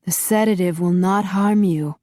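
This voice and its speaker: A woman voicing a cold, commanding masked male vampire overlord who speaks in a slow, muffled, measured way. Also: mid-range voice, warm tone, dry recording, studio quality, close to an everyday voice.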